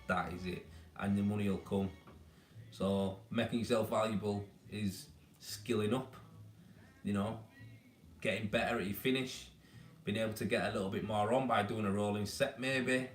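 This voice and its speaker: Chatty Leeds man, low voice, echoey room. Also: steady tone, moderate pace, a bit bright. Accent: Leeds Yorkshire. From Leeds, England. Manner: chatty, blunt, down-to-earth, full of "mate" and "man". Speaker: tradesman hosting a weekly live Q&A stream. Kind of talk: casual live-stream chat giving advice. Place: baby's room at home.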